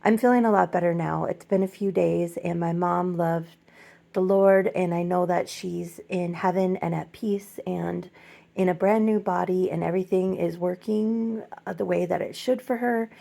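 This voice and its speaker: A middle-aged woman chatting casually in a home vlog, soft-spoken and gently emotional, rambling with many fillers. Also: fairly low pitch, fairly even intonation, normal speed, creaky. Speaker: doll collector vlogger.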